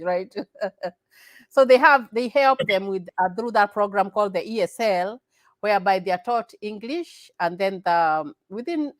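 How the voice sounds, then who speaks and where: A woman's voice: mid-range voice, dry recording, low-quality recording. A middle-aged woman from Kenya, a guest in a casual interview, talking earnestly, repeating her points and laughing often.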